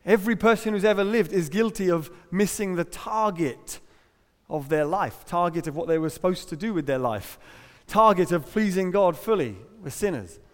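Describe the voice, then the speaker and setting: A middle-aged English preacher delivers a sermon from the front of a church hall, his voice sitting a little high for a man. He keeps it conversational and jokey, leaning hard on the words he wants to land. The room carries a long reverb behind every phrase. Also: expressive, normal speed. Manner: conversational, humorous, emphatic.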